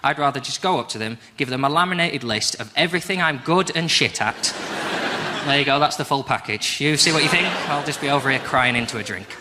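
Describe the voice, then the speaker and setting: A man in his thirties with a Northern English accent, doing a self-deprecating stand-up routine with wry, quick asides. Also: medium pitch, bright, forceful tone. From England. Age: 30s. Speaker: stand-up comedian. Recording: noisy live stage recording. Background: audience laughter.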